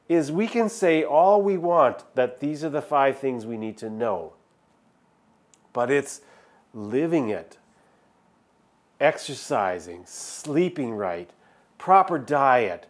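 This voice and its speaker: A man's voice: mid-range voice, darkish tone. A male pastor giving a sermon in a conversational style, stressing key words with emphatic repetition. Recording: filmed sermon video.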